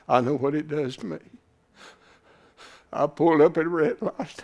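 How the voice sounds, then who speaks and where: A man preaching a sermon into a camera, swinging from loud shouting to hushed whispers and repeating phrases for emphasis. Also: fairly high pitch, moderate pace. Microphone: camera he speaks into.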